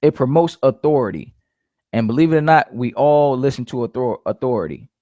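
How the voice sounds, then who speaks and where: A man's voice: mid-range voice, expressive, a little fast, mellow, no echo. A man giving casual sales coaching, repeating his points emphatically and calling his listeners "guys". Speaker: network marketing coach.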